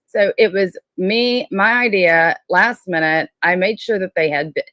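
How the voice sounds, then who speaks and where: A woman with a notably low voice hosts a casual livestream. She talks bluntly and defensively and fills her sentences with "like." Her voice sounds dry and close to the mic. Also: a little slow, few pauses, fairly bright tone, no room sound. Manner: blunt, defensive, filler-heavy. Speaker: livestream host.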